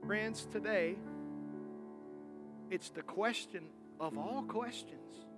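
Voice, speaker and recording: Fired-up preacher guy, high voice, soft piano under him. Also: takes it slowly. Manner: impassioned preaching, voicing Bible figures, swings from loud to soft. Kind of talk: sermon.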